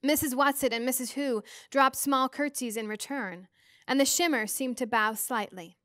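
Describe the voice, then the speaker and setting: A woman teacher reading a novel aloud to students with expressive, measured storytelling. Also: high-pitched, no echo, studio quality.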